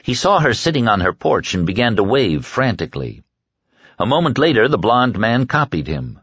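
A man reading a novel as audiobook narration in a measured storytelling manner. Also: medium pitch, big pitch swings, fairly bright tone, slightly rough, no echo, lo-fi sound. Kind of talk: scripted narration.

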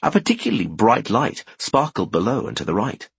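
Husky man narrating with lively pitch. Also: a little fast, no echo. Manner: expressive, animated. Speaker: audiobook narrator. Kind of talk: scripted fantasy narration.

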